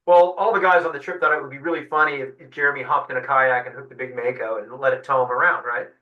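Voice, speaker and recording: A man, a fishing guide, telling a lively story in an interview, acting out what people said. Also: medium pitch, quick pace, dull audio. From San Diego. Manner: animated storyteller acting out quotes. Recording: echoey room, distant mic.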